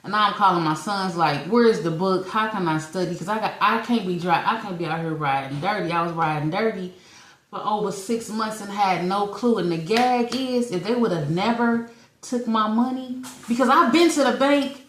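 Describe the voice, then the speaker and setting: A woman's voice: mid-range voice, moderate pace, a little hiss or hum. A woman in her forties, telling a long personal story on a podcast, acting out what people said and laughing often. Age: 40s. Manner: animated storyteller, acts out quotes, laughs often. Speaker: podcast co-host. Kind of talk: casual storytelling chat. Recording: echoey room.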